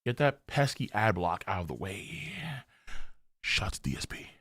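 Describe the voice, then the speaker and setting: A man live-streaming his reaction to viewers, excitable and loud, with frequent outbursts and swearing. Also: sits low, measured pace. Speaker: streamer reacting to a manga chapter.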